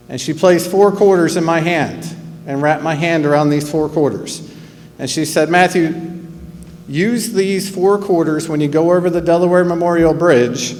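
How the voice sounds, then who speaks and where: Earnest man with a New Jersey accent. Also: on the high side. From New Jersey, USA. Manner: earnest, measured, with pauses. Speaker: school principal giving graduation speech. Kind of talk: commencement speech. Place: large auditorium or arena. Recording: long hall reverb, faint hum.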